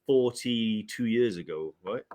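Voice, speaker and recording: A man's voice: fairly low pitch, a little slow, a crowd in the background. A man in his forties co-hosting a casual live stream, bantering easily and reading out viewer comments. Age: 40s. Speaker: podcast co-host.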